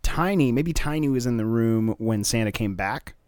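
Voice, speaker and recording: A man casually piecing together a comedy storyline, pausing and restarting as he thinks. His voice is mid-pitched and recorded dry and close, with no room echo. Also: expressive, a little mellow, clear, resonant tone. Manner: casual, hesitant plot-building. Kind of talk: comedy podcast improv.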